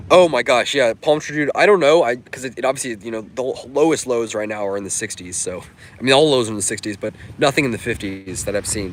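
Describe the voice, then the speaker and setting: A man's voice: fairly low pitch, fairly bright tone, a little hiss or hum. Upbeat man chatting on a livestream. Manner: upbeat and chatty, with many fillers. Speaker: livestream host. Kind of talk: casual livestream chat answering viewer comments. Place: outdoors on a sunny coast.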